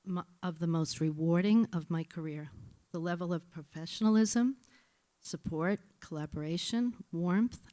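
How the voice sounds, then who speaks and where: A woman's voice: on the low side, warm tone. Nervous middle-aged woman giving a formal speech. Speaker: incoming acting assistant principal. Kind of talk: prepared speech at a school board meeting.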